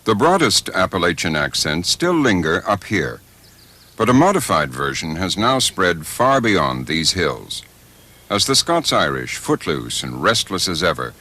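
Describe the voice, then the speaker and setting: A man giving measured, scripted documentary narration. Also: deep voice, sharp tone.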